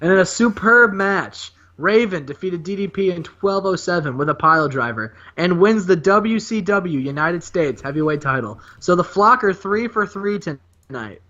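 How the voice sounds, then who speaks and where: Excitable guy hosting a chat podcast, bit high voice, kinda muffled lo-fi audio. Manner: excitable, laughs often, hurried run-on recaps. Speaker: podcast host. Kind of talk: casual chat recapping a wrestling sim.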